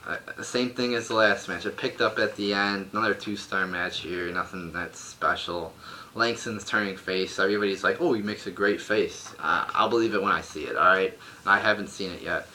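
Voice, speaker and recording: Swearing heavily, a young man rants in blunt exasperation while reviewing a wrestling show from a room at home. His voice is low, pushed and bright, with a slight hiss or hum underneath.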